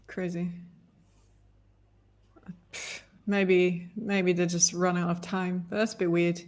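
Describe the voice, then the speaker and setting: A woman's voice: lowish voice, little pitch movement, slow, a little mellow. A woman co-hosting a casual live chat over a video call, teasing her friends and often laughing. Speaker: show co-host.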